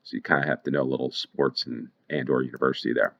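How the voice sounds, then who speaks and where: Deep-voiced male game commentator, rambling and conversational, talking through his guesses. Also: steady tone, quick pace, creaky, dull audio. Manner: thinks aloud, rambling with restarts. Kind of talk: casual play-along commentary.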